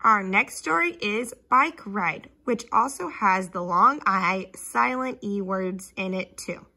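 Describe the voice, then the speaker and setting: A woman teacher at home in her living room, explaining a reading activity to parents and reading short texts aloud very slowly and clearly. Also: mid-range voice, animated, pushed and bright. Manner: reads story text very slowly and clearly, sounding out words.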